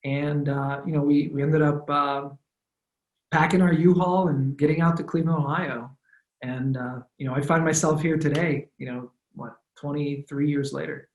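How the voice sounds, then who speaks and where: A man's voice: fairly high pitch, moderate pace. Romanian-born guy in his 30s, easygoing, lots of ums and restarts, roomy echo. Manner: relaxed, thoughtful, with many fillers and restarts. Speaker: guest, former football punter. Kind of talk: casual interview storytelling.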